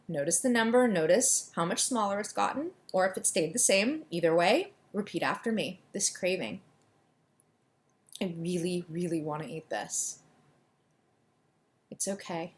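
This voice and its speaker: This EFT tapping coach is a woman with a voice on the lower side. Her delivery is purposely rapid as she calms listeners with quick directions and leads them in repeating affirmations.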